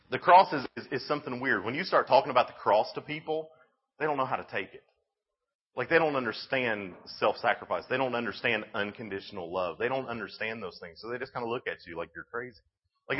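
A man giving a youth sermon, telling the story in an animated, casual way with lots of "like"s. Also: mid-range voice, fairly quick, breathy edge, lo-fi sound. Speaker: youth speaker.

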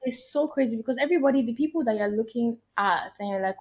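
A woman's voice: fairly high pitch, very fast, few pauses. A woman guest in a casual podcast chat, talking emphatically and laughing often. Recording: tinny phone-like sound.

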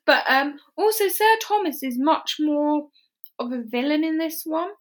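A woman's voice: sits high, lively intonation. A woman co-hosting a casual chat show, talking easily and laughing often. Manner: chatty, laughs easily, acts out lines in quick asides. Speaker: podcast co-host.

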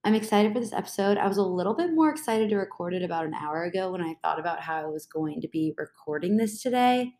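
A woman's voice: lowish voice, expressive, quick pace, few pauses, darkish tone. A young woman chats through her own podcast with a congested, slightly tired voice. She rambles along casually, correcting herself and tossing in fillers as she goes. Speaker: podcast host. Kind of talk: casual solo podcast chat.

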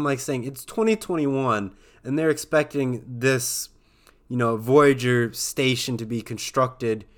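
A man's voice: mid-range voice, fairly bright tone. A young adult man hosting a casual solo talk, rambling loosely with many fillers. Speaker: podcast host.

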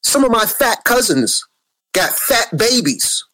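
A man's voice: very high-pitched, big pitch swings, unhurried, bright, forceful tone, dry recording. A man ranting on a live social media video, preachy and rambling, who keeps calling his viewers family.

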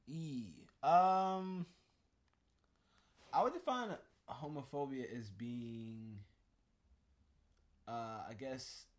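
A man co-hosting a casual chat podcast, relaxed and thinking aloud with many fillers. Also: mid-range voice, drawn-out words, pauses often. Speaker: podcast co-host.

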